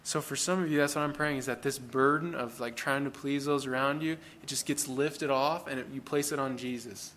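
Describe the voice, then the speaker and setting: A man's voice: mid-range voice, steady tone, moderate pace, hardly any pauses, a bit bright, a little hiss or hum. A man preaching a sermon as pastor, speaking in an earnest, plain-spoken conversational way and putting rhetorical questions to the congregation.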